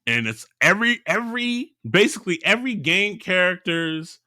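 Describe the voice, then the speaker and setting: A man's voice: high-pitched, moderate pace, no room sound, clean studio sound. A man co-hosting a casual podcast, retelling a story with lots of laughter and acted-out voices. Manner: animated storyteller, laughs a lot, acts out characters. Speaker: podcast co-host. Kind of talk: casual chat.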